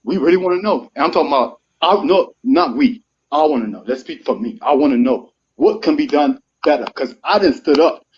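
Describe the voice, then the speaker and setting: A man's voice: on the high side, lively intonation, brisk, hardly any pauses. Earnest man, thirty, on a muffled live stream. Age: 30s. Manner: earnest, rising to heated and pleading. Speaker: guest speaker on a live stream. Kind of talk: emotional live-stream monologue.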